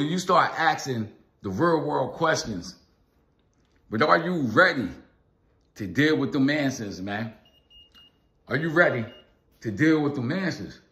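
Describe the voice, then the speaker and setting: A man's voice: mid-range voice, pushed and bright. A man vlogging a casual philosophical monologue, repeating phrases for emphasis and calling out to his viewers in loose slang. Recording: echoey room.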